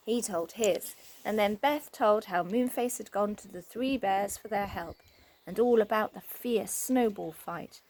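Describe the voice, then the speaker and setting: A woman reading a children's story aloud, expressive and animated. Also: medium pitch, measured pace.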